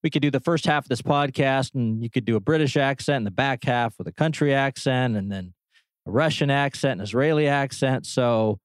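A man hosting a podcast, friendly and a little halting as he introduces his guest. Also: medium pitch, clean tone, no room sound. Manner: friendly, slightly halting with fillers and restarts. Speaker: podcast host.

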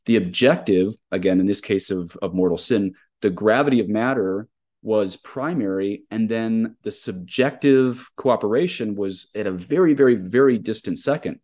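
Priest hosting a chat, lowish voice, earnest, goes on at length. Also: male voice, moderate pace, darkish tone. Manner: earnest, explains at length with rising emphasis. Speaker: podcast host, Catholic priest. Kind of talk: conversational interview.

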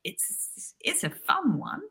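A woman's voice: takes it slowly, pushed and bright. A woman co-hosting a podcast in casual chat, blunt and opinionated. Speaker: podcast co-host.

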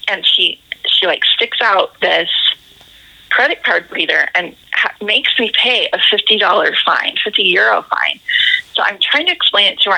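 A woman in her thirties recounts a story as a podcast guest, her voice very bright and edged with gravelly fry. She talks animatedly and breaks into laughter often. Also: medium pitch, lively intonation, normal speed, low-quality recording. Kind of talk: casual storytelling in a podcast interview.

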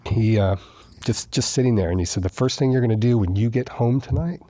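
As a guest in a casual interview, a man recounts his recovery story with lively retellings, acting out quoted dialogue and repeating lines for emphasis. His voice is medium-pitched and a little fast, recorded dry.

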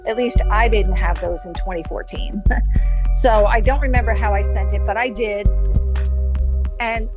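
A woman's voice: mid-range voice, moderate pace, pauses often, over music. A woman in her forties casually recounting her own story in an interview, rambling and acting out bits of dialogue. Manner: rambling, with frequent restarts and quoted dialogue. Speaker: victim telling her story.

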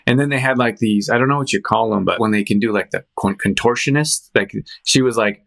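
A man hosting a show, chatting casually in a rambling, animated storytelling way with frequent restarts and fillers. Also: lowish voice, a little fast, gravelly. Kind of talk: casual chat.

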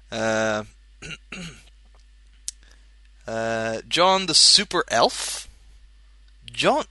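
A man's voice: medium pitch, animated, very slow, long pauses, pushed and bright, dry recording, studio quality. A man hosting a podcast, chatting casually and jokily, rambling with many fillers. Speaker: podcast host. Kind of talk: casual chat.

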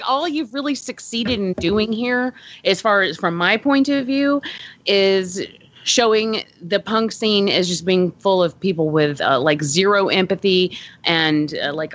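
A woman's voice: fairly low pitch, fairly bright tone. A woman hosting a podcast in casual chat, rambling with many fillers and frequent swearing. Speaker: podcast host. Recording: dull lo-fi dry audio.

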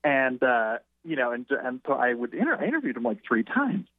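A man who is a writer and interview guest, telling an anecdote in a rambling, halting way with frequent restarts. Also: medium pitch, very animated, no room sound. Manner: halting, self-correcting. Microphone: telephone. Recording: tinny phone line.

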